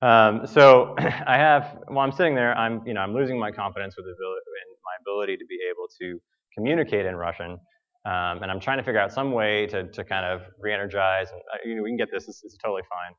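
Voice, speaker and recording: An American man preaching a sermon, telling a personal story in a halting way with many fillers and restarts. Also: on the low side, dull audio. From United States.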